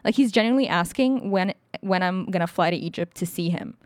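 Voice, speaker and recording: A young woman telling a story on a podcast in casual chat, frank and animated, swearing freely and acting out what people said. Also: on the low side, brisk, no room sound.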